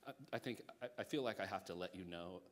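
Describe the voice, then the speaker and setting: A male pastor preaching a sermon, acting out voices in his stories, swinging between loud bursts and hushed asides, with jokey remarks. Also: deep voice, fast. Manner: animated storytelling, acts out voices, jokey asides.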